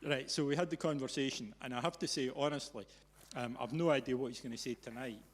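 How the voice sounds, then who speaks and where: A man's voice: medium pitch, fast talker. Teasing man in a reverberant hall. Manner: teasing, animated storyteller. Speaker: event host. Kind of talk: storytelling to a live audience. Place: event venue with an audience.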